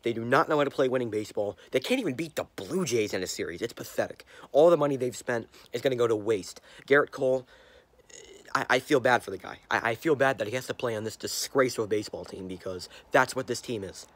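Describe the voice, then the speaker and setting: A man's voice: medium pitch, fast, a bit bright, no room sound. Furious young man ranting about his team. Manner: furious, repetitive, stumbling over words. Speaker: sports fan vlogger. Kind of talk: angry fan rant to camera. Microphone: handheld camera.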